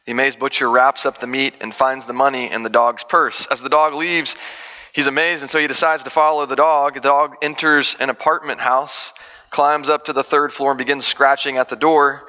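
A pastor preaching a sermon in a conversational way, asking the congregation direct questions. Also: male voice, mid-range voice, steady tone, normal speed, sharp tone, in a large hall, highs cut off.

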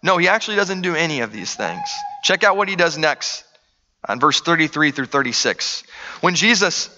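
A man's voice: high voice, bright, forceful tone, muffled recording. Earnest preacher man in a big hall. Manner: earnest, conversational preaching with rhetorical questions. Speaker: pastor. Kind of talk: sermon.

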